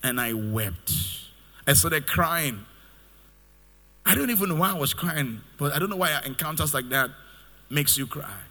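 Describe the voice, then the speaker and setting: A man's voice: on the high side, lively intonation, measured pace, pauses often, pushed and bright, long reverb tail. A man preaching a sermon as pastor, lifting into sung cadences as he builds his points.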